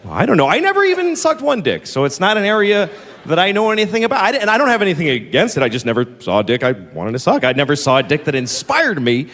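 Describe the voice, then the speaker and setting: Middle-aged male stand-up comic, animated and mocking, a bit high-pitched, recorded live in a reverberant hall. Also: quick pace. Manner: loud bursts of exasperated, mocking delivery with sudden high shouts. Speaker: stand-up comedian. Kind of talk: stand-up comedy set. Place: large venue with a live audience.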